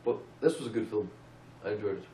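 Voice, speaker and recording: A man's voice: fairly low pitch, fast, dark tone. A man co-hosting a casual film review, tossing in short, dry wisecracks. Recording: roomy, distant mic with faint room noise.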